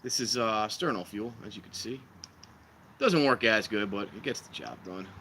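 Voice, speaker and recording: A man's voice: lowish voice, moderate pace, heavy background noise. A man hosting a casual livestream outdoors by a fire pit, rambling and joking with his viewers. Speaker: livestream host.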